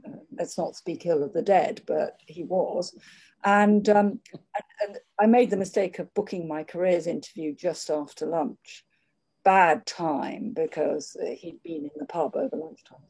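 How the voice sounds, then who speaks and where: An older woman speaking in a measured, candid way, with frequent restarts, reflecting on her working life. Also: lowish voice, dark tone. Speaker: interviewee. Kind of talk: reflective conversation.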